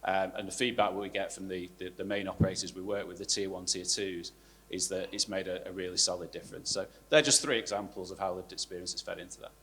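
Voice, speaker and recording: A man speaking as a panelist in a live discussion, brisk and repeating words as he restarts. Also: low voice, fairly even intonation, a bit bright. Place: hall at a live panel event.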